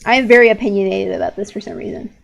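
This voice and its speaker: A woman's voice: medium pitch, racing, vocal fry, faint music behind. Rambling, opinionated teenage girl streamer. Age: late teens. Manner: rambling and opinionated, many "like" fillers and restarts. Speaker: art streamer. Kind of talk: casual chat while drawing on stream.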